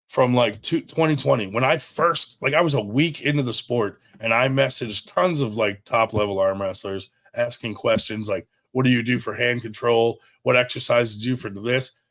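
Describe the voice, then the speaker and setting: A man's voice: medium pitch, fairly bright tone. A man who runs an arm wrestling brand, making a blunt, heated statement to camera, swearing often and restarting his sentences. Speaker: brand owner addressing a rival promoter.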